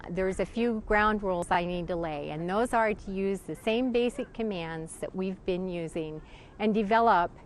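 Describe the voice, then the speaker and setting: A woman's voice: medium pitch, a little hiss or hum. A woman dog trainer giving casual spoken instruction, explaining and demonstrating commands with a dog.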